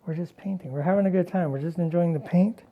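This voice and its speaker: Brief: woman, deep voice, loud playful hobby-stream host, muffled lo-fi sound. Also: fast talker. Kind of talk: casual chat while painting.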